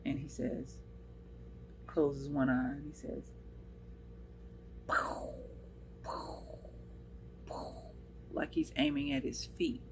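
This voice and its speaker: A woman's voice: extremely low pitch, flat delivery, measured pace, background noise. An American woman hosting her own channel, telling a personal story in an earnest, emotional way and quoting what people said. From United States. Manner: earnest, emotional, retells scenes with quoted dialogue. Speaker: channel host.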